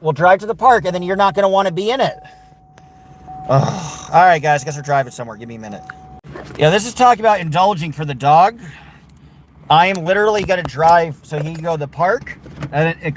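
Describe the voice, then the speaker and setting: A man's voice: on the high side, a little hiss or hum. A man livestreaming from his car, chatting casually, talking to his dog and answering viewers. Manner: talks to his dog and reads out chat, sings along to oldies. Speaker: vlogger. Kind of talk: casual livestream chat while driving. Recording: loud music under the voice. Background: loud oldies music from the car radio.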